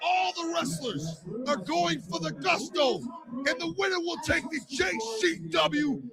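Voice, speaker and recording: A man doing loud, profane comic wrestling play-by-play commentary. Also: extremely high pitch, expressive, a little slow, over a noisy crowd, heavy background noise.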